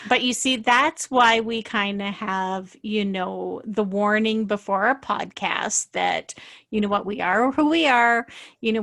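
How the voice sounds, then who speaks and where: Podcast co-host: playful woman, Maritimes-raised, upper pitch, dry room. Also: a bit bright, no echo. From Canadian Maritimes. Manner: playful, teasing, laughs often. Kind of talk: casual chat.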